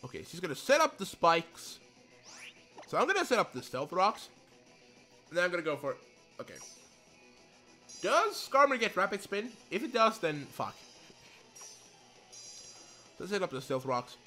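A young man giving casual commentary while playing a video game, excitable and swearing, with many apologies. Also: high-pitched, normal speed, pauses often. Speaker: let's play gamer. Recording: game music behind the voice. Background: faint game music.

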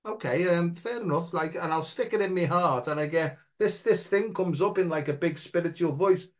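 A man's voice: a little high, moderate pace. A man hosting a casual conversation, blunt and laughing easily, with casual swearing. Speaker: host.

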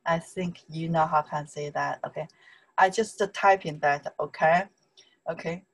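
A woman with a Chinese accent teaching an online lesson, drilling syllables slowly and checking in with "okay?" again and again. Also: lowish voice, a little hiss or hum, rough recording.

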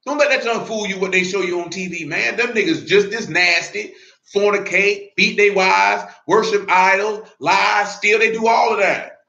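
A male preacher giving an emphatic sermon in blunt street talk, often building to shouts. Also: high-pitched, normal speed, creaky. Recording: roomy, dull lo-fi recording.

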